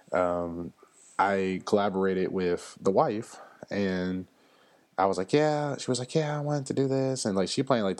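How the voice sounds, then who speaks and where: A man's voice: sits low, darkish tone. A man, hosting a solo podcast and telling stories in a loose, chatty way with lots of fillers. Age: 30s. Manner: chatty, loose storytelling with frequent fillers and laughs. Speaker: podcast host. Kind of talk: casual solo podcast monologue.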